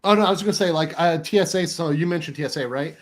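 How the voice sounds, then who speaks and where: A man's voice: fairly high pitch, fast. A man from the United States in a casual chat, rambling with many fillers, swearing often and keeps checking in with "right?". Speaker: co-host.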